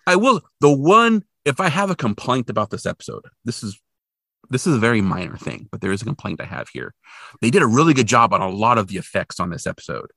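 A man's voice: medium pitch, big pitch swings, fast, creaky, bright, forceful tone, husky, no room sound, clean studio sound. A man co-hosting a podcast, recapping a TV episode in casual chat and leaping into exaggerated voices when he quotes characters. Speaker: podcast co-host.

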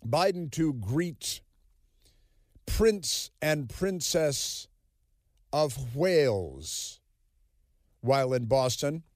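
A man's voice: medium pitch, big pitch swings, drawn-out words, pauses often, no echo, studio quality. A man hosting a political talk radio show, talking in a sarcastic, mocking, rambling way full of fillers. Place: radio studio. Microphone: studio microphone.

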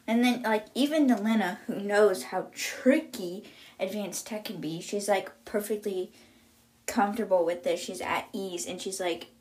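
A woman's voice: mid-range voice, a little slow, darkish tone. Chatty woman recapping a book. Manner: chatty, full of "like" and "kind of". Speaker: book podcast host. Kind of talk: casual chapter recap.

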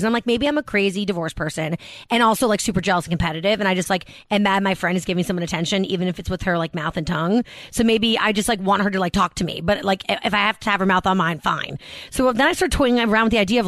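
A woman's voice: mid-range voice, a bit bright, no room sound. A woman from the Boston area, a podcast guest telling casual stories full of "like" fillers and acted-out quotes. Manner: fast storytelling, many "like" fillers, acts out quotes. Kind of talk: casual chat.

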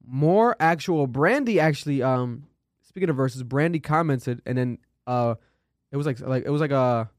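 A man co-hosting a casual show, swearing freely and mocking performances in animated commentary. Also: mid-range voice, moderate pace, dry recording, studio quality. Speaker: co-host.

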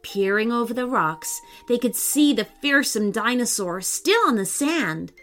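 A woman storyteller narrating a children's story in an expressive, lilting way. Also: on the high side, measured pace. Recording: soft background music.

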